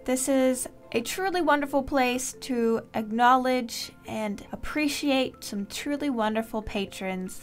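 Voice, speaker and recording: A woman hosting a game series, giving chatty, casual gameplay commentary and talking playfully to the animals in the game. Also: a little high. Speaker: Minecraft series host.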